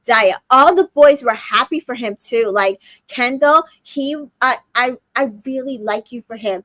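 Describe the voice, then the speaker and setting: A woman hosting a casual recap chat, animated and profane, acting out quotes from the show. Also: high-pitched, measured pace, hardly any pauses, dry recording, poor audio.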